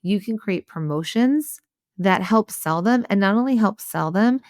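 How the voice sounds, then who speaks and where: A woman's voice: mid-range voice, expressive, unhurried, darkish tone, dry recording, clean studio sound. A woman hosting a solo business podcast, coaching small sellers in a chatty way, with lots of "like" and "right?" and little acted-out customer voices. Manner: acts out customer and waiter voices.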